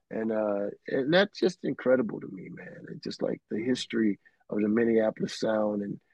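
A man's voice: on the low side, vocal fry, a little mellow, slightly rough, no echo, muffled recording. A middle-aged man, a keyboardist guest telling rambling anecdotes full of restarts and "man". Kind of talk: casual storytelling.

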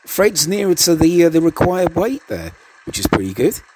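A man's voice: a little high, sing-song, moderate pace, darkish tone, slight background noise. A man giving casual, hesitant commentary over an old TV show, stammering and adding chuckling asides.

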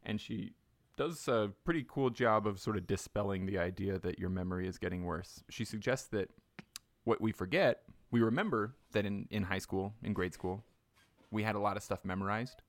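Man, podcast host, low pitch, dry sound, casual chat, thinks aloud. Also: normal speed, dry recording. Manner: thinks aloud with frequent restarts.

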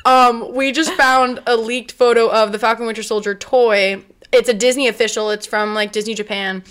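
A young woman co-hosting a casual fan discussion, excitable and quick to squeal when thrilled. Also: a little high, clean tone. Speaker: co-host.

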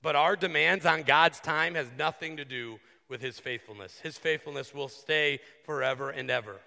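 Male pastor, high gravelly voice, earnest sermon delivery, conversational asides, long church reverb. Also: normal speed, pushed and bright. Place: church sanctuary.

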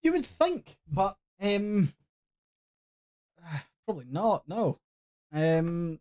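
A Scottish podcast co-host in casual chat, animated, swearing freely and laughing often. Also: medium pitch, unhurried, pauses often.

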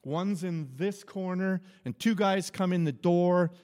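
Pastor guy preaching real slow, kinda high voice, lots of echo off the hall. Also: a little mellow. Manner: conversational, repeats and restarts phrases, chuckles often. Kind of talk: informal sermon with storytelling. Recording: long hall reverb.

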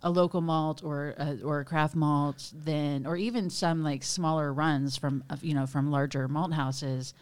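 A woman's voice: low-pitched, fairly even intonation, measured pace, few pauses, darkish tone, clear, resonant tone. A woman co-hosting a casual podcast, explaining things while thinking aloud with many restarts. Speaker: podcast co-host.

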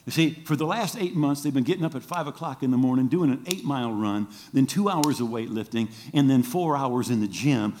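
A man's voice: a little fast, hardly any pauses, a little hiss or hum. A middle-aged man, a pastor preaching a sermon and telling a story, who acts out the voices he quotes. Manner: animated storytelling, acts out quoted voices with big pitch jumps.

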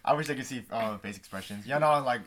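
A man's voice: mid-range voice, a bit bright. A man co-hosting a podcast, asking the questions in a playful, joking way. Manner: playful, joking, quick to laugh. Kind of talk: casual chat.

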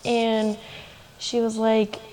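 A woman's voice: a little high, completely flat delivery, extremely slow, mellow, rough recording. A young woman co-hosting a podcast, telling a personal story in a loose, chatty way full of "like" and laughing asides. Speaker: podcast co-host. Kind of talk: casual storytelling chat.

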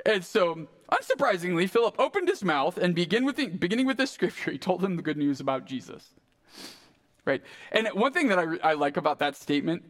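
High-voiced casual male preacher. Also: a bit bright. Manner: casual, conversational, frequent "like" and "right?". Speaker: pastor. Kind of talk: sermon.

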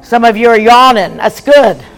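A woman evangelist leading a deliverance prayer session in a large meeting hall, calling out forceful commands that are often shouted and leading the audience in call-and-response. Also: on the high side, expressive, normal speed.

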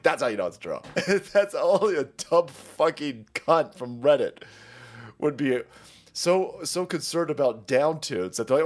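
A man's voice: on the high side, big pitch swings, normal speed. A man hosting a ranting commentary show, talking in a crude, mocking way and laughing often. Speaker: host.

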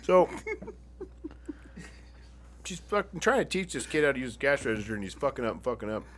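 With big pitch swings and a fairly bright tone, a medium-pitched man talks a little fast against slight background noise. He hails from the Phoenix area and entertains friends with rowdy, profanity-laced stories, laughing as he tells them.

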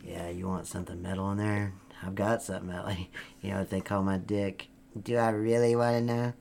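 A man playing a hot-tempered, foul-mouthed man, yelling and cussing in a comedy sketch. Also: low-pitched, little pitch movement, brisk, vocal fry, slight background noise. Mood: leering. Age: 20s. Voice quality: brash, yelling, constant cussing. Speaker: guest.

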